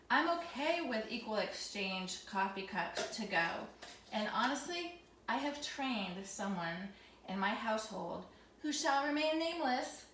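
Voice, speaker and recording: A middle-aged woman, a teacher, chatting in a home vlog in her loud teacher voice, teasing and friendly. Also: fairly high pitch, recorded from a distance, slight background noise. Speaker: teacher and vlogger. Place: home kitchen. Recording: echoey room, voice somewhat off mic.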